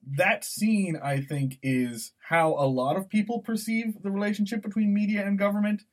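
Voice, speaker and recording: A man co-hosting a podcast, talking through a film scene in an animated, digressive way. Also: high-pitched, normal speed. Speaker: podcast co-host. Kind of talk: conversational podcast discussion.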